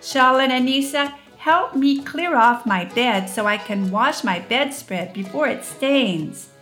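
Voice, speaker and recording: A woman's voice: high voice, takes it slowly, soft background music, pitched above the performer's own voice. A woman reading a stern but patient mother in a storybook, firm and commanding. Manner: firm, commanding, loud calls.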